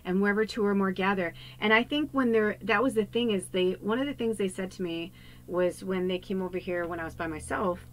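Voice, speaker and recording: Speaking briskly at a medium pitch, a woman medium rambles through an animated spiritual card reading with frequent whispered asides. The poor audio carries a slight hiss or hum.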